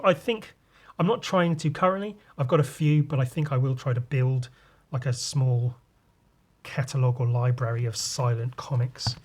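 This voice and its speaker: A man hosting a podcast, talking casually through a comic in a loose, sweary, rambling way, his voice a little rough today. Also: fairly high pitch. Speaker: podcast host.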